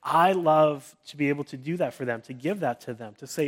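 Earnest male pastor in his thirties, sermon delivery, a touch high-pitched, sinks to a gentle hush when reassuring. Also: fairly quick, few pauses. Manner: earnest, with frequent restarts; drops to a soft hush for comforting quotes.

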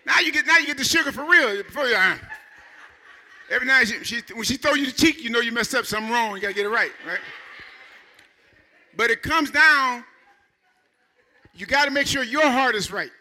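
A man in his fifties preaching a Sunday sermon in an animated, conversational way, building to shouts. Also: very high-pitched, brisk, long pauses. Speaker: pastor.

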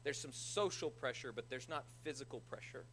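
A man preaching a conversational sermon as a pastor, retelling scripture with animated energy and self-deprecating humor. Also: medium pitch, a little fast, a little hiss or hum, rough recording.

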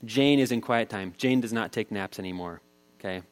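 A man's voice: on the low side, normal speed. A man in his thirties preaching a sermon, telling a family story in a casual, conversational way. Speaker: pastor.

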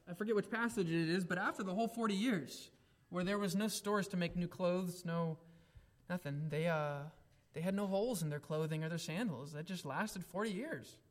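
A young man preaching a sermon, emphatic, moving between raised exclamations and quiet reflective asides. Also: high-pitched.

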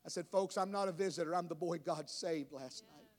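A man preaching a sermon to a church congregation, building from storytelling to shouting. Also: fairly high pitch, brisk. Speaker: pastor.

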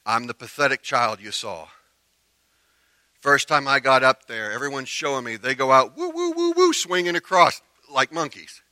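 A man preaching a sermon as pastor, telling a story with animated emphasis that drops to quiet earnestness. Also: mid-range voice, moderate pace, no room sound.

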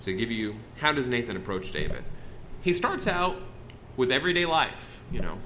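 This sermon comes across as folksy talk, the preacher frequently interrupting himself to start his sentences over. His medium-pitched voice is sing-song, pushed and bright at an ordinary pace, and there's a little hiss or hum.

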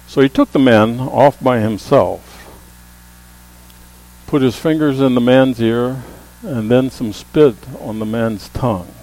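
A man preaching a sermon as a pastor, with emphatic calls that rise to the congregation and a low hum under the voice. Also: takes it slowly, dark tone, low-quality recording. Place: church sanctuary.

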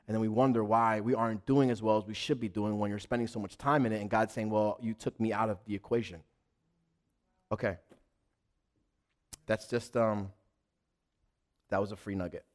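A man preaching a sermon as pastor, animated, acting out little voices in his examples, with frequent restarts. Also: lowish voice, brisk, long pauses.

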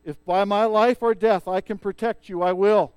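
A man voicing a noble male warrior who speaks firmly and forcefully. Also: a little high, a little slow, no echo, lightly acted. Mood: resolute.

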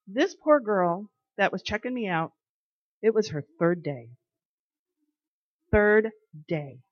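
A woman leading an informal devotional talk, reading scripture and telling everyday stories in an earnest, conversational way, slowing down to stress key phrases. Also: medium pitch, animated, dull audio. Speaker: Bible study leader.

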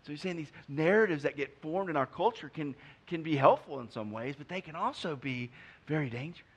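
Preacher with a higher voice. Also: male voice, expressive, fairly quick, husky. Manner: conversational preaching, acts out quotes. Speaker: pastor. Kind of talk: sermon.

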